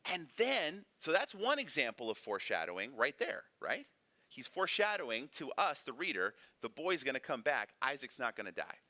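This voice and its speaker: Bright, lively male Bible teacher. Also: mid-range voice, normal speed, no echo. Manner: conversational, frequent rhetorical "right?". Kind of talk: casual Bible lesson. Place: church classroom.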